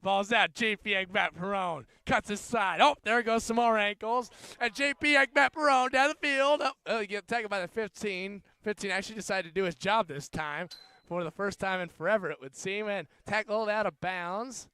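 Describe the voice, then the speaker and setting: Young male rugby caller, high smooth voice, jokey, builds excitement on big plays, dry close sound. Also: normal speed, hardly any pauses, dry recording. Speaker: student play-by-play commentator. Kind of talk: amateur sports commentary.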